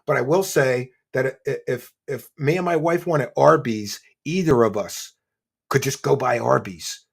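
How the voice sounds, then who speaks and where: A man hosting a commentary show, ranting and mocking, swinging between low muttering and loud shouting. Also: normal speed, gravelly, slightly rough.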